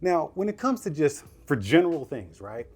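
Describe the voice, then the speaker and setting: A man talks through a TV review from his living room in a casual, slangy way, his pitch bouncing up and down in an animated delivery. He speaks straight to viewers like friends. Soft music plays faintly behind him. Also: moderate pace, husky. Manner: chatty, laughing, slangy, addresses viewers directly. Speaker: tech reviewer. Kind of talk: casual product review vlog.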